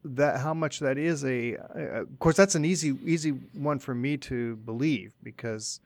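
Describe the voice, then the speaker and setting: A man's voice: medium pitch, moderate pace, a little mellow, dry recording. A man co-hosting a casual podcast, talking hesitantly with frequent restarts and agreeable responses. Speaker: podcast co-host.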